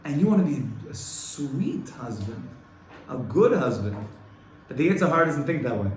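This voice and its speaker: A man teaching a Torah class to a small group, earnest and rhythmic, swelling louder and higher to stress his points. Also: sing-song, moderate pace, slight background noise. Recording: echoey room, faint room ambience.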